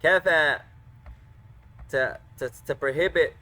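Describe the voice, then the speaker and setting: A man teaching an online class, patient and slow, pausing often and correcting students. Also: on the high side, bright, forceful tone. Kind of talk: online Arabic and hadith class. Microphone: computer microphone.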